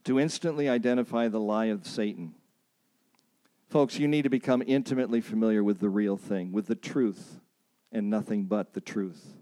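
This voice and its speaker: A man's voice: on the low side, fairly even intonation, moderate pace, warm tone. A man preaching at a workshop, emphatic, repeating key phrases and calling on the audience to say lines back, with self-deprecating stories. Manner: storytelling with self-deprecating asides. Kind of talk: sermon.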